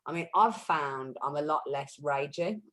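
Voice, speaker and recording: Lively storytelling woman, low voice. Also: a little slow, rough recording. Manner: lively storyteller, acts out quotes; self-described shouty. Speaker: wellness practitioner. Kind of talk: casual group chat.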